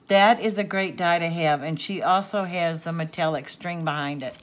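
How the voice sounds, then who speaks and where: A crafting channel host unboxes happy mail off camera, chatting to her viewers in a fairly low voice at a moderate pace. Teary and sniffling, she gasps and laughs with delight, and a faint hiss or hum sits under the recording.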